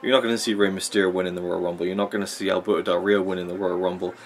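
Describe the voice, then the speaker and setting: Rambling, opinionated man with a low voice. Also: flat delivery, very fast, a little hiss or hum. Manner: rambling, opinionated, with frequent fillers. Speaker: wrestling vlogger. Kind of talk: casual commentary while watching a match.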